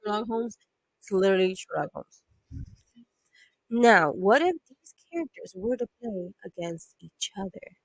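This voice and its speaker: A woman's voice: medium pitch, lively intonation, unhurried, pauses often, no echo, poor audio. A woman giving playful, chatty let's-play commentary on a game, reading text aloud and humming to herself. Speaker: gamer.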